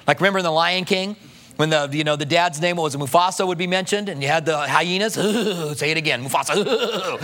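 A pastor preaching a sermon in a church, talking in a conversational way with rhetorical questions and dropping to a soft hush when he voices prayers. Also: on the high side, quick pace, slight background noise.

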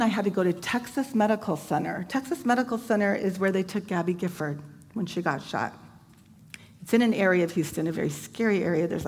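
A woman with a medium-pitched, gravelly voice shares a personal faith testimony, retelling events vividly and conversationally with casual fillers. The recording has a long hall reverb and faint background noise.

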